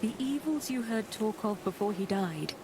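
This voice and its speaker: An actress playing a composed, grieving Roman noblewoman in a game cutscene, speaking in a solemn, measured way. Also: medium pitch, expressive, close to an everyday voice. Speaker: game character.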